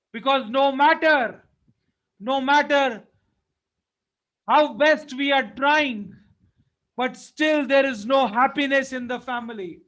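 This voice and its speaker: A man's voice: very high voice, fairly bright tone, rough recording. A man preaching a sermon with fervent emphasis, building his points through short repeated phrases.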